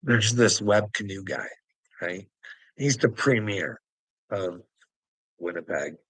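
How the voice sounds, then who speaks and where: A man's voice: lowish voice, slow, no echo, poor audio. A man ranting in a rambling video monologue, agitated and swearing heavily, close to the mic. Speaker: religious video commentator.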